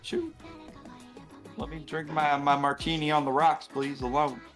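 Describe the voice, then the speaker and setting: A man's voice: a little high, little pitch movement, normal speed, a bit bright, faint music behind. A man playing his character in a tabletop game, with wry, drawling banter. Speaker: player.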